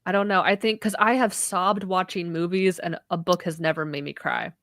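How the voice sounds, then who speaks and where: A woman's voice: on the low side, steady tone, normal speed, a bit bright, no echo, studio quality. A woman co-hosting a podcast, talking earnestly and emotionally in casual chat. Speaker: podcast co-host.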